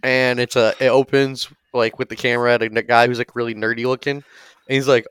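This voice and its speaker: Smooth-voiced rambling podcast guy. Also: medium pitch, brisk, no echo. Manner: rambling, animated, swears a lot. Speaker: podcast co-host. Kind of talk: casual comedic storytelling.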